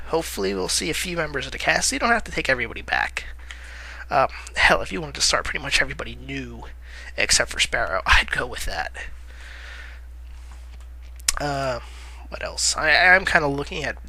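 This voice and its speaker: Bright-voiced man rambling casually on camera. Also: medium pitch, very animated, moderate pace, gravelly, low-quality recording. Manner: rambling, frequent "uh" fillers, self-correcting. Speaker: movie news vlogger. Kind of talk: casual commentary.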